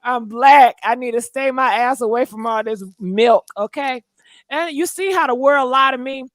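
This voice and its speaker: A woman hosting a call-in talk show, loud, profane and sassy, laughing often. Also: high voice, moderate pace, no room sound, clean studio sound. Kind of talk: casual call-in chat.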